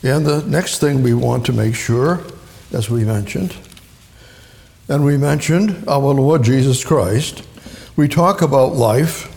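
A man's voice: mid-range voice, takes it slowly, creaky, darkish tone. A man preaching a sermon, rambling and emphatic, often repeating himself for stress. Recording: echoey hall with long reverb.

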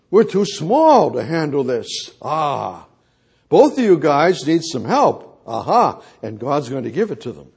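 A man's voice: a little high, sing-song, a little slow, vocal fry, darkish tone, breathy edge. A man preaching a sermon, emphatic and repetitive, often restarting his words.

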